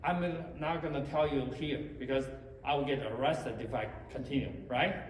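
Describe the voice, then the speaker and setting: A man's voice: medium pitch, moderate pace, a little hiss or hum. A man from China giving a rambling, joking conference talk, heard from far off in an echoey hall. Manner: rambling, joking, self-deprecating asides. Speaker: conference speaker.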